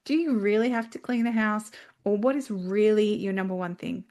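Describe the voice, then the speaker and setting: A middle-aged woman talking expressively as a guest on a panel discussion, animated and emotional. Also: medium pitch, moderate pace. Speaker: guest speaker.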